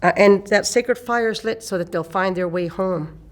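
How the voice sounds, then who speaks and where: An older woman from eastern Canada, an elder telling a personal story in an unhurried way and repeating phrases for emphasis. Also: mid-range voice.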